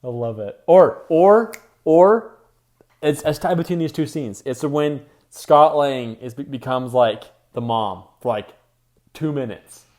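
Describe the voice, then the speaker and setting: A man's voice: mid-range voice, animated, a little slow, darkish tone. A man co-hosting a podcast in casual chat, enthusiastic and laughing as he retells scenes. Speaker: podcast co-host.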